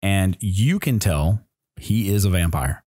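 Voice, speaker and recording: A man's voice: low-pitched, lively intonation, slow pace, mellow, no room sound, studio quality. A man narrating as game master in a tabletop game, explaining rules and describing scenes with frequent restarts.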